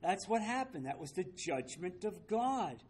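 A man's voice: high-pitched, big pitch swings, a little slow, a little mellow. A man leading a Bible study, speaking emphatically, repeating key phrases and asking rhetorical questions, with the odd wry aside.

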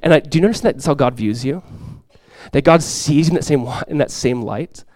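A male pastor delivers a sermon in a fairly high voice, captured close and dry with little room sound. He preaches with passion, rising to loud, urgent lines and then falling back to a soft, quiet delivery. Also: animated, a little fast, no room sound. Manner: impassioned preaching, swells loud for quoted cries then drops soft. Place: church sanctuary before a congregation.

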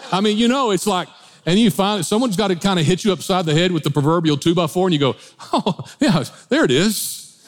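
A man preaching as a pastor, animated, with changing pace, asides and humor. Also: high-pitched, fast. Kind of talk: sermon.

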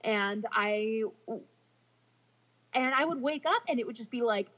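A woman's voice: on the high side, unhurried, a bit bright. Joking young woman, dull lo-fi sound. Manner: scattered, joking, swears casually. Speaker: podcast co-host. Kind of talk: casual chat.

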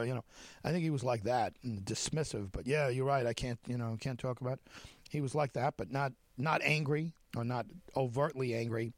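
A radio host telling a story in a monologue, speaking animatedly with many restarts and acting out the quoted conversations. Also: male voice, mid-range voice, creaky, dry recording. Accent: Long Island.

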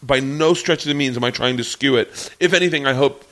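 A man's voice: mid-range voice, fairly quick, a bit bright. A man telling rambling, profane stories in a casual podcast chat, often laughing through them. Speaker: comedian guest telling stories.

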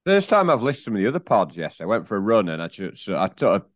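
Male co-host, low-voiced, rambling, dry booth sound. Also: very animated, very fast, dry recording. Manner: rambling, many restarts and fillers. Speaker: podcast co-host. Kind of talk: casual chat.

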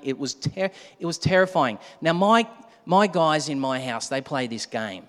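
Animated preacher in a reverberant hall. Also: male voice, a little high, moderate pace. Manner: animated, shouts to act out a scare, drops to a hush for the night scene. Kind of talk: sermon.

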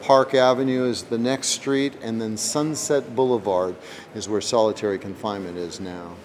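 A man's voice: on the low side, steady tone, normal speed, a little mellow. A man working as a park ranger, explaining things on a guided tour of a prison cellhouse. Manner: explanatory, demonstrates mechanisms as he talks. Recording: noisy live field recording.

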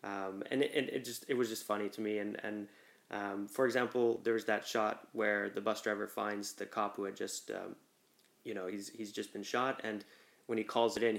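A man talking as a guest on a podcast, telling things in a relaxed, amused way. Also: lowish voice, normal speed, gravelly. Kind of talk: casual chat.

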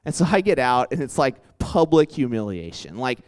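A young man preaching in a casual storytelling style, chatty and animated, full of asides and questions put to a live audience. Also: medium pitch, moderate pace, clear, resonant tone. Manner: chatty and animated, full of "like" and "right?", quizzes the crowd. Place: church hall with a live audience.

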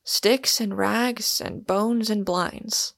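A woman's voice: medium pitch, unhurried, gravelly, no echo, clean studio sound. A woman voicing a fretful, despairing older male professor who talks in a querulous, exasperated way, in a storybook reading.

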